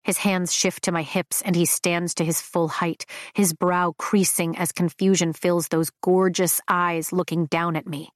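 A woman reading first-person romance narration in an intimate, expressive way. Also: fairly low pitch, moderate pace, few pauses, no echo, studio quality. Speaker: audiobook narrator.

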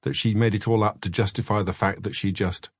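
A man's voice: fairly low pitch, little pitch movement, fairly quick, breathy edge, no room sound, studio quality. A man reading a pointed, probing lawyer. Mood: pressing. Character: probing male defence lawyer.

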